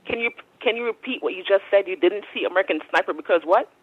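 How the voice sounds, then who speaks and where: A woman's voice: mid-range voice, fast, slightly rough, no room sound, narrow, tinny audio. A woman calling in to a radio show, pressing the guest with probing, skeptical questions. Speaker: caller.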